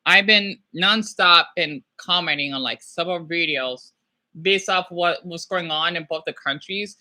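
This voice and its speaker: Bright-voiced man ranting on a livestream. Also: a little high, measured pace. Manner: rambling, excitable, apologetic. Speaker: livestream host. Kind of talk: casual livestream rant.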